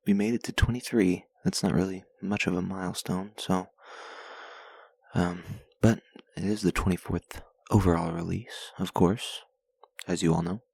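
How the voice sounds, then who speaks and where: Gravelly low-voiced crude podcast host. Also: male voice, fairly even intonation, normal speed, darkish tone, no echo. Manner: crude, joking, rambling. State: recovering from a sinus infection. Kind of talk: casual solo podcast monologue.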